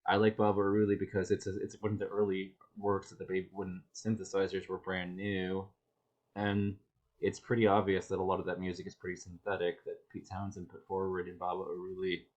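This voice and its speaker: A man with a fairly low voice comments on a clip as the host of a reaction video. He sounds sarcastic and exasperated, often restarting his sentences. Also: monotone, fairly quick, darkish tone, muffled recording.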